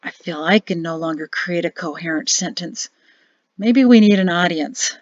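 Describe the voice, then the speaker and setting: A woman's voice: on the low side, moderate pace, dry recording, voice pushed down, lightly acted. Earnest, nervous young suitor, read by a woman narrator; dry muffled audiobook sound.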